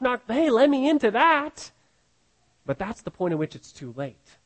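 Guy pastor giving a sermon, pretty high voice, earnest, repeats himself a lot. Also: low-quality recording. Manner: earnest, repeats words as he restarts.

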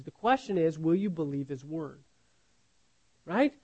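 A man's voice: a little high, very animated, a little slow, long pauses, dark tone, poor audio. A man preaching a Bible sermon in an earnest, questioning way, often restarting words and asking "right?".

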